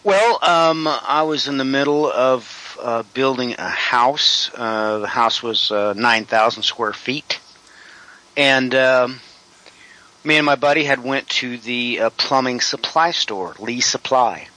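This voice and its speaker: A middle-aged man, a home builder, telling a personal story in an interview, rambling with many drawn-out "uh" fillers. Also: mid-range voice, bright, forceful tone, rough recording.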